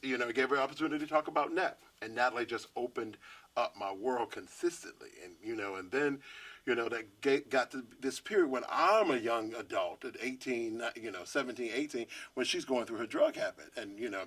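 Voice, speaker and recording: A man in his fifties from Washington, D.C., telling stories in an interview with animated energy. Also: mid-range voice. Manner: lively storyteller, acts out quoted voices. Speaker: guest artist.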